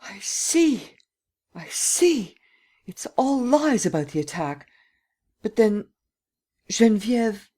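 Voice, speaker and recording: A woman's voice: medium pitch, big pitch swings, slow pace, pauses often, mellow, pitched above the performer's own voice. A woman reading an audiobook and voicing an elderly woman, protective and anxious, who pleads with a tremulous, sometimes whispered voice. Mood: alarmed.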